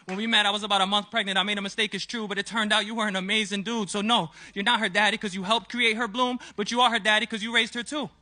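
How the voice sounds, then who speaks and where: A guilty wife pleading her case in a spoken word poem, as a male poet puts her on. The voice stays high and bright. Her excuses tumble out fast and defensive. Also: fairly even intonation. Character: defensive, apologetic wife and mother.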